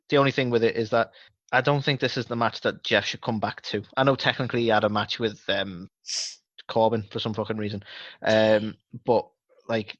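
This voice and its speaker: A man's voice: on the low side, a bit bright, no room sound, highs cut off. A man co-hosting a wrestling podcast, chatting casually with rambling sarcastic asides and plenty of swearing. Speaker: podcast co-host.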